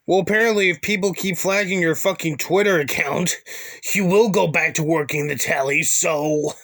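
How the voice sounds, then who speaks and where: A man's voice: on the high side, normal speed, fairly bright tone, dry recording. Sarcastic man, dry close voice. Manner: sarcastic, crude, insulting. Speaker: commentator reacting to a video. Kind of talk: mocking commentary.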